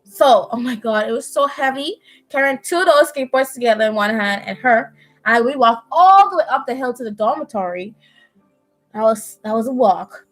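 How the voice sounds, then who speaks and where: A young Bahamian woman chatting at home on a live stream, telling an animated story and often laughing. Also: a little high, normal speed, faint music behind, low-quality recording. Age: young adult. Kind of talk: casual chat, storytelling. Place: at home indoors.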